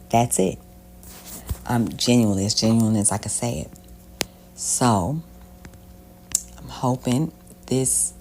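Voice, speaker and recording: A woman's voice: extremely low pitch, mellow, a little hiss or hum. A young adult woman vlogging candidly about her own life, rambling and swearing freely as she tells her story. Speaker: self-help vlogger. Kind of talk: casual personal storytelling. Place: Southern United States.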